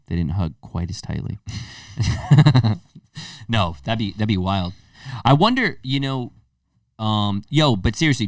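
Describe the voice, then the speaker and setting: A man with a lowish voice co-hosts a casual podcast, spinning loose stories with plenty of swearing. He sits a little away from the microphone, and the room around him is dry. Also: dry recording, distant mic. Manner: loose, storytelling, swearing freely. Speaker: podcast co-host. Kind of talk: casual chat.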